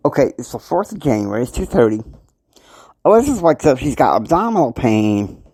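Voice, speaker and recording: A man telling a long improvised story in a loose, halting way, full of "you know" fillers. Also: mid-range voice, very animated, mellow, husky, dry recording.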